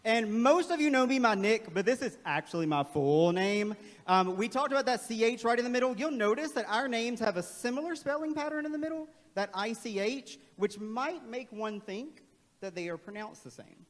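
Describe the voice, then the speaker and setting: High-voiced man in echoing hall. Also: moderate pace. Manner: playful, energetic, calls on the crowd. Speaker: staff training presenter. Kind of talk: interactive workshop presentation. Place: large auditorium. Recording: long hall reverb.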